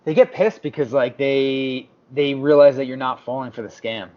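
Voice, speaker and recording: A man with a medium-pitched voice and moderate pace co-hosts a podcast, telling a story in casual conversation. He's an animated storyteller who performs others' quotes, and the lo-fi sound is slightly dull.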